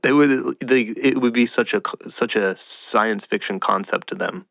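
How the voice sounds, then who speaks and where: A man's voice: mid-range voice, normal speed, gravelly, few pauses, fairly bright tone, no room sound, clean studio sound. A man hosting a podcast, talking in a rambling, playful casual monologue and slipping into mock voices. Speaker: podcast host.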